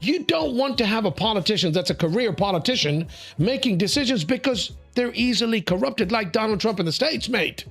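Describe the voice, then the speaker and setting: Male talk host, slightly high voice, emphatic and interrupting, faint music bed. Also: fairly quick, breathy edge. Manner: animated, emphatic, interrupts, calls people mate and sweetie; repeats words when building a point. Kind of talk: opinionated panel talk.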